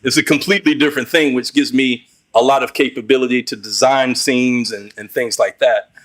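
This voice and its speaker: A man's voice: medium pitch, steady tone, fairly quick, fairly bright tone. A man as a podcast guest in casual conversation, encouraging and leaning on fillers.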